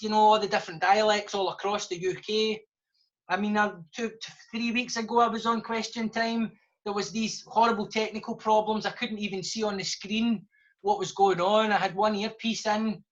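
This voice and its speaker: A man's voice: high-pitched, steady tone, normal speed, a bit bright. Scottish male guest, fluent and impassioned, muffled lo-fi sound. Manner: fluent, passionate explaining. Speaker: guest author. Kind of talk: live podcast discussion. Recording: dull lo-fi sound.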